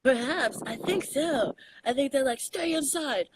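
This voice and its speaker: A young adult woman from Texas with a Southern accent, chatting casually as a comedian guest, animated and laughing often. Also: high-pitched, measured pace, noisy background. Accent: Southern US, Texan. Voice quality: animated storyteller, laughs often, mixes in slang. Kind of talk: casual chat.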